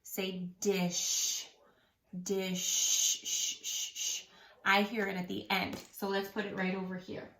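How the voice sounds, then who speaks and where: A woman's voice: medium pitch, level tone, bright, forceful tone, echoey room. A woman teaching a phonics lesson to young children, patiently stretching out each word. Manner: slow, patient, drawn-out sounding of words.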